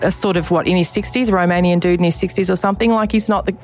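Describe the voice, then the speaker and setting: A woman interviewer with a fairly low voice, asking direct, probing questions. She drops in blunt asides as she presses for detail. Light music plays faintly behind her. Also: steady tone, fast, darkish tone.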